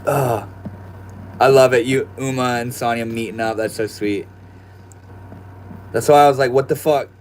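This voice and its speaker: A young man chats casually on his livestream from his room at home, calling everyone bro and dude in a laid-back, slangy way. His voice sits at an ordinary middle pitch for a man. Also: fairly even intonation, unhurried, pauses often, slight background noise. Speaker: livestream host. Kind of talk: casual livestream chat reading viewer comments.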